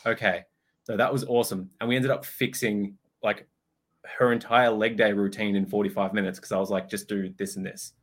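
Lively man telling gym stories. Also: fairly low pitch, moderate pace. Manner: animated storytelling, acts out quotes, swears. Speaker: podcast co-host, personal trainer. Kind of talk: casual chat.

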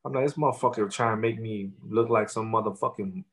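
A rapper in his thirties swears heavily and keeps repeating fillers while telling stories in a laid-back interview. His voice is on the low side and a little fast, and the storytelling is animated and profane.

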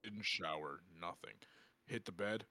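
A man's voice: low-pitched, unhurried, pushed and bright. A young man co-hosting a podcast, telling stories in casual, rambling chat, swearing a lot and laughing often. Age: young adult. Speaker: podcast co-host.

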